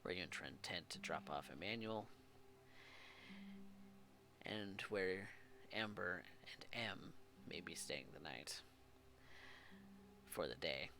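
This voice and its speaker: A man narrating as game master of a tabletop game in a casual, lively way, thanking the viewers. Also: low-pitched, takes it slowly, long pauses, a little hiss or hum.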